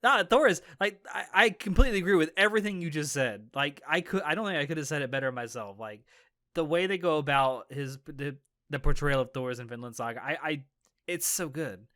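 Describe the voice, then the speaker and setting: A man's voice: fairly high pitch, expressive, a little fast, bright, forceful tone, dry recording, clean studio sound. A man co-hosting a podcast, chatting casually and enthusiastically about anime in a rambling, restart-filled way. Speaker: podcast co-host. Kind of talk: casual anime discussion chat.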